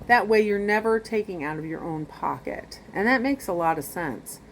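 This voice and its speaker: A woman's voice: medium pitch, animated, normal speed, slight background noise. A woman vlogging casually from her home about reselling, rambling with lots of fillers and restarts. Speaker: vlogger sharing reselling tips. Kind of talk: casual chat to camera.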